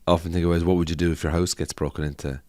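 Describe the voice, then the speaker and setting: A man with a Cork Irish accent, a comedian guest on a podcast, trading quick, crude banter in casual chat. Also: deep voice, little pitch movement, a little mellow. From Cork, Ireland.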